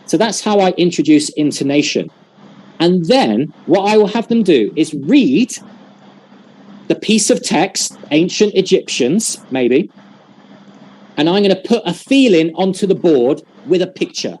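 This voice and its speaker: A man's voice: fairly high pitch, sing-song, a little slow, a little mellow. A man leading a teacher-training workshop over a video call, explaining patiently and demonstrating with examples.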